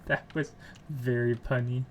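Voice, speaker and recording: Slow-talking man muttering while coding. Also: medium pitch, level tone, a little hiss or hum. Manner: mutters code aloud to himself, chats to viewers. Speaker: streamer. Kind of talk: casual live stream while coding.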